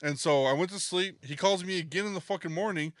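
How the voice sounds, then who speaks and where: A man's voice: high voice, quick pace, fairly bright tone, dry recording, clean studio sound. A man co-hosting a podcast in casual chat, laid-back and swearing freely with lots of fillers. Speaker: podcast co-host.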